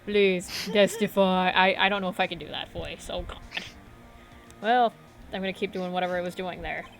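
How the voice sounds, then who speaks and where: A woman streamer chatting casually during a live game stream, cooing softly to her cat. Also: on the low side, steady tone, brisk, vocal fry, faint music behind. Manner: soft, cooing baby talk to her cat.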